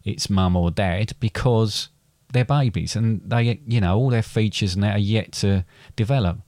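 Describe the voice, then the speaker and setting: A middle-aged man tells a family story as podcast co-host, often stumbling and repeating words. His voice sits on the low side. The recording is close and dry with no room sound. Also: normal speed, darkish tone, no room sound. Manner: hesitant, repeats words, gets choked up. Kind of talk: casual storytelling chat.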